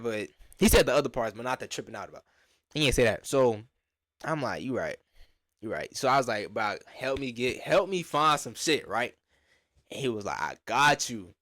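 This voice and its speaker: A man's voice: medium pitch, no room sound, clean studio sound. A young man from Atlanta, telling a casual slangy story and acting out the quotes. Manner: animated slangy storytelling with lots of acted-out quotes. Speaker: storyteller vlogger.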